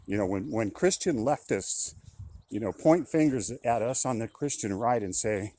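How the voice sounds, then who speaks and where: A man's voice: medium pitch, lively intonation, moderate pace, warm tone. An older man talking casually in a monologue, often repeating himself and turning indignant. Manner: conversational, repetitive, indignant. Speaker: commentator.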